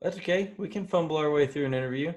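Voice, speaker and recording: A man's voice: fairly high pitch, fast talker, a little mellow. A man co-hosting a podcast, chatting in an easygoing way with fillers. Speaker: podcast co-host. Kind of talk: casual sports podcast chat.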